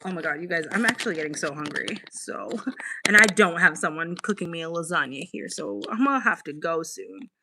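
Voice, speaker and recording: A woman hosting a casual livestream, chatting to her viewers in an excitable way and swearing freely. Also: on the low side, a little fast, noisy background. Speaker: livestream host.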